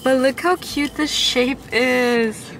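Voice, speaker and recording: A woman's voice: sits high, steady tone, slow, creaky, fairly bright tone, slight background noise. A young woman vlogging casually, chatty and enthusiastic as she talks to her viewers. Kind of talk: casual vlog chat. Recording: music playing behind.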